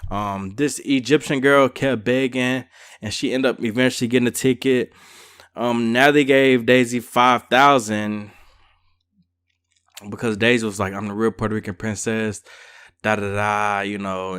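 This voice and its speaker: A man's voice: lowish voice, smooth. A man giving a casual, slangy recap and review of a reality show episode. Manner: chatty, slangy, lively storytelling.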